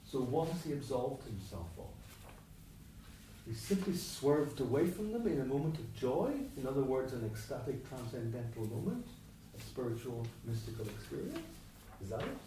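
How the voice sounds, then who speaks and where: His medium-pitched voice is warm and sing-song, moving at a moderate pace as he gives a rambling academic talk on poetry, breaking off into asides and starting over. A distant mic captures him in an echoey church hall, with slight background noise.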